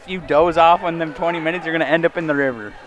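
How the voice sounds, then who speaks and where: A man's voice: on the high side, steady tone, very fast, dull audio, a crowd in the background. A young man doing casual color commentary at a wrestling match, joking wryly and grumbling about the long night. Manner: wry, joking, drawling complaints. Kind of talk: casual live sports commentary.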